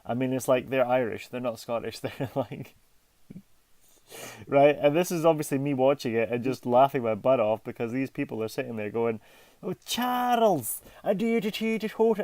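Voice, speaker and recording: A man's voice: mid-range voice, a little mellow, no echo. A British man in his thirties bantering on a podcast, teasing his co-host and laughing often. His voice sits mid-range and sounds close and dry, with no room around it. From United Kingdom.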